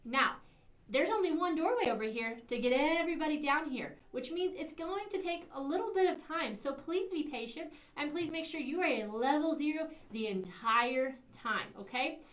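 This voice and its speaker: A middle-aged woman reads morning announcements to schoolchildren in a high, lively, sing-song teacher voice at normal speed, acting out the kids' lines. The room is echoey, she's far from the mic, and there's a faint hiss.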